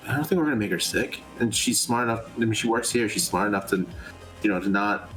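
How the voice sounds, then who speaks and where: A man's voice: on the low side, quick pace, a bit bright, faint music behind, poor audio. A man playing a tabletop game in character, casual and playful, bickering with the others. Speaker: player.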